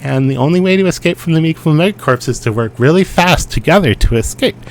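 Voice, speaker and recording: A man doing a silly high voice. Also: animated, fast. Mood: mock-urgent. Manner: exaggerated, sing-song. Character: man's silly high mock-serious voice.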